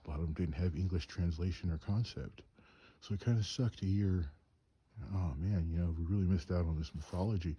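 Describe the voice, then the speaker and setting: Cold and shivering outdoors at night on a mountain trip, a storyteller and craftsman tells casual stories in a rambling, chuckling way. His voice is low-pitched and warm, with a breathy edge.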